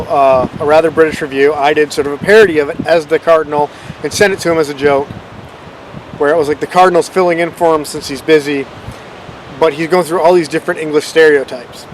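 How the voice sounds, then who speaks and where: A man's voice: on the high side, background noise. A man hosting his own channel, rambling in a casual, self-deprecating way about how his videos came about. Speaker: channel host. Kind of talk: casual unscripted vlog rambling.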